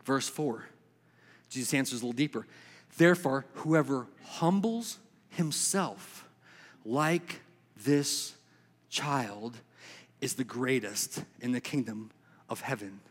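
A man preaching a sermon, swinging between quick emphatic bursts and slow, hushed lines. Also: medium pitch. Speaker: pastor. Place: church sanctuary. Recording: long reverb of a church hall.

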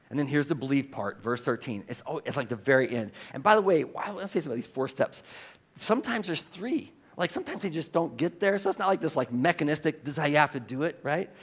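A man preaching to his congregation in a church sanctuary, his voice sitting a little high. He reads scripture aloud with heavy emphasis, swinging between loud, stretched-out lines and quiet, low asides. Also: expressive, quick pace, breathy edge. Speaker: pastor. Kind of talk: sermon.

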